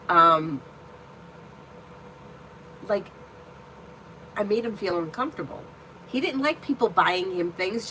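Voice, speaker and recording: Woman, mid-pitched voice, tarot reader, live-stream host, casual chat, candid, blunt, swears freely. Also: sharp tone, slight background noise, poor audio. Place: indoor room at home.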